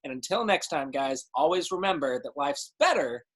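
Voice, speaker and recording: Brief: male host, husky tone, lively intonation, upbeat emphatic patter. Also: on the high side, normal speed. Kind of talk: online show hosting.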